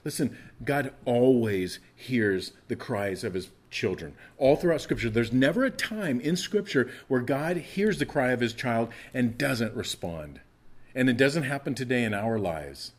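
A middle-aged man, a pastor, preaching a sermon and acting out anguished prayers with rising intensity. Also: mid-range voice.

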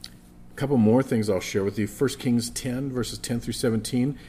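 A man's voice: medium pitch, steady tone, moderate pace, warm tone, a little hiss or hum. A man preaching a sermon as a pastor, emphatic, repeating phrases for stress and often restarting his words.

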